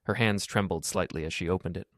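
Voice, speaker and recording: A man with a very low voice narrates a dramatic first-person story in a steady, solemn manner. The read is dry and close to the mic, with no room sound. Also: fast, no echo.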